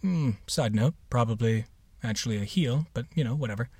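A man's voice: medium pitch, fairly quick, mellow, husky, no room sound, clean studio sound. A man hosting a podcast, introducing the episode in a casual, playful way with sarcastic asides. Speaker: podcast host.

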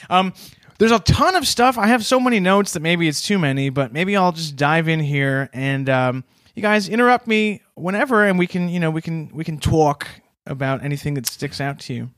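A man's voice: fairly high pitch, lively intonation, a little fast, few pauses, fairly bright tone, no room sound, studio quality. A man co-hosting a podcast, telling a story from his notes in a chatty, laughing way. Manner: chatty, laughs between points, loose with fillers. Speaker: podcast co-host presenting research. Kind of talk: casual storytelling podcast chat.

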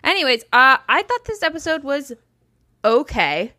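Woman, podcast co-host, blunt casual chat, bright voice, dry close sound. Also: high voice, sing-song, normal speed, dry recording. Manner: blunt, swears freely.

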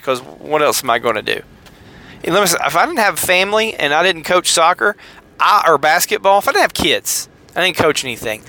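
A middle-aged man rambles through a casual podcast monologue. He jokes and pokes fun at himself as he talks. His voice is bright and sits slightly high for a man. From American South. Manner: chatty, joking, self-deprecating. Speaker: podcast host.

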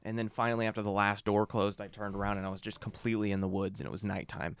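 A man's voice: on the low side, little pitch movement, quick pace, clear, resonant tone. A young man in casual podcast chat, rambling through a long story with lots of cursing and filler words. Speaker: podcast co-host.

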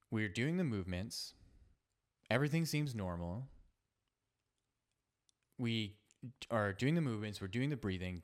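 Man, podcast host, low-pitched, resonant, earnest, halting storytelling. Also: a bit bright, clear, resonant tone. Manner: earnest, halting, with many restarts and fillers.

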